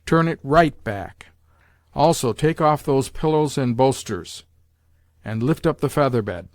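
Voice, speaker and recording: A man reading an audiobook, voicing an imperious, domineering old grandmother with a loud, sharp, commanding voice pitched above his own. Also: animated, a little slow, no echo, clean studio sound, natural voice.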